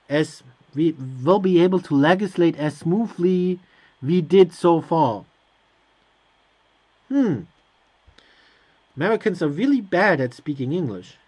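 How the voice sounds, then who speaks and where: A man hosting a let's play, reading on-screen game text aloud and answering it with hesitant, sarcastic asides. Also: sits high. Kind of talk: casual gameplay commentary.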